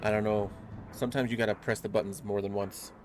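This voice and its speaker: Young male streamer, low-pitched, loose and filler-heavy chatter over loud game music. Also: level tone, fast. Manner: loose rambling talk full of fillers. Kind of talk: casual live-stream chat. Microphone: desk microphone.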